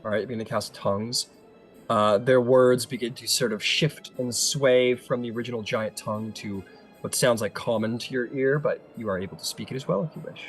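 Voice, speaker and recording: A man running a tabletop game as game master, talking casually with many pauses and fillers. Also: medium pitch, faint music behind.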